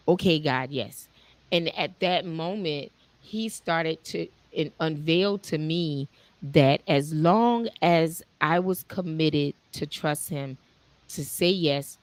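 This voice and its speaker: A woman author telling her personal story as a guest, in halting speech full of fillers and restarts, reading passages from her own book. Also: deep voice, dry recording. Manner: halting, many fillers and restarts, animated when retelling.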